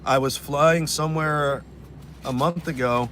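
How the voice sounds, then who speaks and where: Animated man spinning stories outdoors. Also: fairly high pitch, measured pace, a little hiss or hum. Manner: animated, acts out fans' voices. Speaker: live-stream host. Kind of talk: casual storytelling chat.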